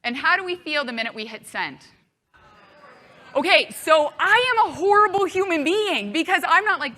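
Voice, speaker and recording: A woman's voice: high voice, sing-song, moderate pace, pushed and bright. A woman keynote speaker giving a chatty live talk to an audience, acting out inner thoughts playfully.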